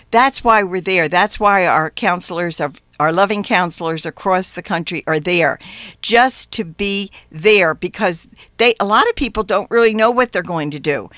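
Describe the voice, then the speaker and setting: A woman's voice: lowish voice, fairly bright tone, no room sound. Earnest woman counselor telling a story. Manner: earnest, acts out others' words in quotes; fervent, exhorting faith. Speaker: pregnancy counselor. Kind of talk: telling a personal story on a radio show.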